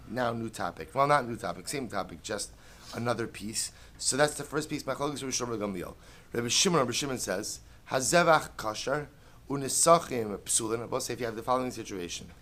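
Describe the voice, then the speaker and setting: A man's voice: mid-range voice, brisk, fairly bright tone. A middle-aged man giving a Talmud lecture, methodical and patient. He repeats each key point, poses questions and answers them himself, and mixes Hebrew and Aramaic terms into his English. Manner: explains step by step, repeats key phrases, asks and answers his own questions. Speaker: rabbi teaching Talmud.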